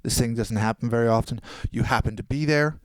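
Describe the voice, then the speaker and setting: A man's voice: medium pitch, a little fast, no room sound, studio quality. A young man casually telling a long story on a podcast, acting out the people he quotes. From New Jersey. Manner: animated, acts out quoted people. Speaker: podcast guest.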